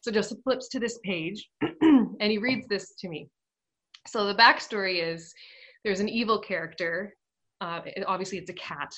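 A woman's voice: mid-range voice, moderate pace, poor audio. Laughing, heartfelt woman telling a story. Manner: warm, laughs often, grows emotional. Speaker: radio program guest. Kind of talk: casual personal storytelling.

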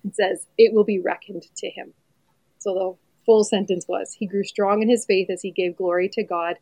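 A woman in her forties, a mother, talking earnestly and reflectively about her faith on a podcast, with soft laughs along the way. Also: mid-range voice, fairly even intonation, moderate pace, dry recording.

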